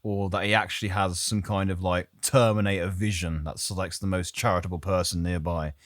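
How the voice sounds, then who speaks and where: A man's voice: low voice, fairly even intonation, fairly quick, no room sound, clean studio sound. A man, co-hosting a podcast and telling a story in a casual, jokey way, with frequent laughs and rambling asides.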